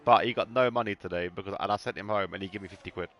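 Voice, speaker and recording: Low-voiced man calling a sim race. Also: fairly bright tone. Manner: banter-heavy, swears casually, quick to laugh. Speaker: sim racing commentator. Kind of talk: casual live-stream commentary.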